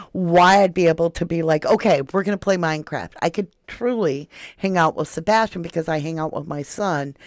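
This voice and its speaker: A Florida woman with a lowish voice hosts a casual true crime livestream, chatting and reading viewer comments out loud. The audio is studio quality with no room sound.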